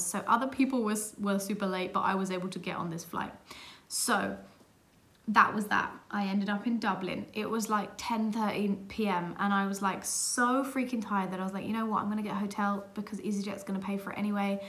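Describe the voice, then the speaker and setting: Animated woman retelling a travel mishap. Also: medium pitch. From England. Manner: animated, exasperated retelling with self-mocking laughs. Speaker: vlogger. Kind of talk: casual storytelling vlog.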